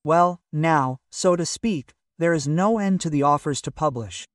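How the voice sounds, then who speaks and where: A man's voice: on the high side, unhurried, dry recording. Older man from russia chatting in an interview, umms and "so to speak" everywhere, mic kinda far off, dry sound. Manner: hesitant and rambling, full of fillers like "so to speak" and "well". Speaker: magazine editor and publisher, interview guest. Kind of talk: casual conversational interview.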